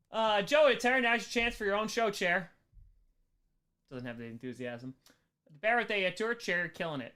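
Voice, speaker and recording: A man's voice: high voice, animated, fairly quick, sharp tone. A man hosting a livestream, casually reading viewer messages aloud, joking and laughing often. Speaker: livestream host.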